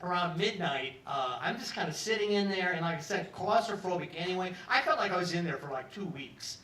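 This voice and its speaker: A man's voice: sits high, lively intonation, a little fast, pushed and bright. A man telling a stand-up story in a pub, acting out other people's lines in put-on voices. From New York. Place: pub stage with live audience. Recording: echoey room from far off.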